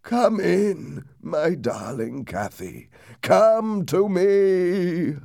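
A man reading aloud and voicing a haunted, brooding master of the house who moves between hushed whispers and choked shouts. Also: high-pitched, lively intonation, very slow, gravelly, no echo, clean studio sound, pitched above the performer's own voice, exaggerated voice. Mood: tormented.

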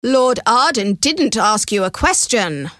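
A woman's voice: a little high, big pitch swings, slow, bright, forceful tone, dry recording, clean studio sound, voice pushed up, exaggerated voice. A woman doing a bossy, puzzled servant woman. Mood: scolding.

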